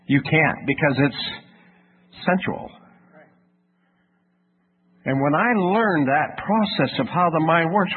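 A man preaching a sermon in a folksy storytelling manner, asking his listeners questions. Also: mid-range voice. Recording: tinny phone-like radio sound with faint noise.

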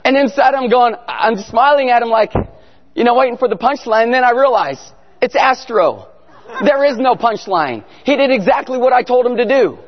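A man's voice: extremely high pitch, animated, normal speed, a faint crowd. A man preaching, telling a funny story and acting out both sides of a conversation. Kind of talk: humorous sermon story. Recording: dull sound in a large reverberant hall.

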